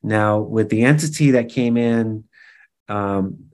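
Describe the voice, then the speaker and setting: A man's voice: on the low side, slow pace, darkish tone. A man speaking as an interview guest, telling a personal story in a casual way, with many fillers and restarts.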